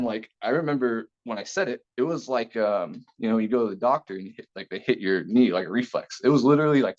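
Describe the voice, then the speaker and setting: A young man telling a story from his school days in a relaxed interview, talking casually with many fillers and restarts. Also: mid-range voice. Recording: slightly dull lo-fi sound.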